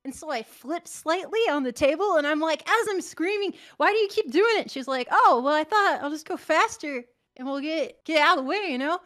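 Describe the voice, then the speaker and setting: A woman in casual chat, telling a story in an animated way, acting out the quotes, swearing and laughing. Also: sits high, a little fast, few pauses.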